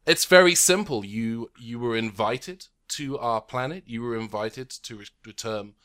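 A man voicing a cold, dismissive male Time Lord official in a tabletop game, formal with halting restarts. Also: mid-range voice, sharp tone. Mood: stern.

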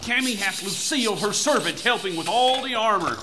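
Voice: medium pitch, expressive, fairly quick, noisy background, natural voice. An actor voicing a bossy, boastful boy playing a knight and barking orders at his servant.

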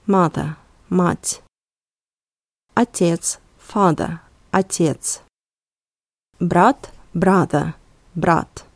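A woman hosting a language podcast, saying words slowly and repeating them clearly for learners. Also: mid-range voice, a little mellow, dry recording. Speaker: language teacher, podcast host. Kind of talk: slow, clear language lesson with repetition.

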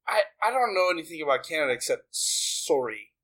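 Man, podcast guest, gamer, jokey, absurd quips, fairly high voice. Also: sing-song, brisk, crowd noise, poor audio. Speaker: podcast guest and game player. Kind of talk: casual chat.

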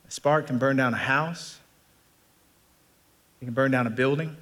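A man preaching a sermon as pastor, animated and folksy, often repeating phrases and joking with the congregation. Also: medium pitch, a little slow.

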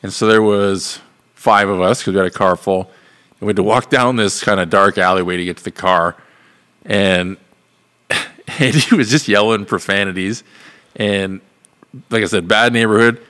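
A man's voice: fairly low pitch, moderate pace, pauses often, sharp tone, clear, resonant tone. A man co-hosting a podcast, telling a rambling, profane story with laughs in a casual chat. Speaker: podcast co-host.

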